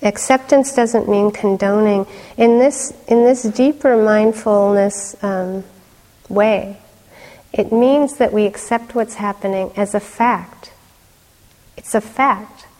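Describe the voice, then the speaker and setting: A middle-aged woman teaching meditation in a dharma talk, conversational, with soft laughs and fillers. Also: medium pitch, takes it slowly. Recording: long hall reverb.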